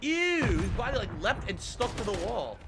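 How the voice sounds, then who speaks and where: A man streaming a shooter game, excitable and swearing a lot as he plays. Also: very high voice, moderate pace, gravelly. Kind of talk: live gameplay commentary. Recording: game gunfire and sounds behind.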